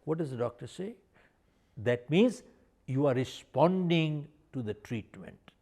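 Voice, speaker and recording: A man's voice: on the high side, expressive, unhurried, warm tone. An older man, an author and speaker, telling stories in an interview and driving his points home by repeating them. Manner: emphatic, repeats points for stress. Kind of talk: animated interview storytelling.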